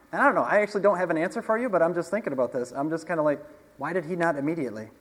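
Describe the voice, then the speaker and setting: A man preaching a casual sermon, talking conversationally, asking the congregation questions and chuckling often. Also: on the high side. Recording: long hall reverb.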